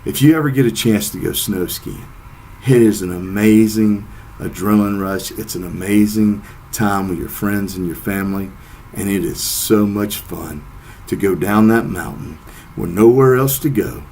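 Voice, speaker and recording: Low-voiced man telling a story. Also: moderate pace, a little mellow, a little hiss or hum. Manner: storytelling, laughs at himself. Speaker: speaker. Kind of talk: descriptive speech.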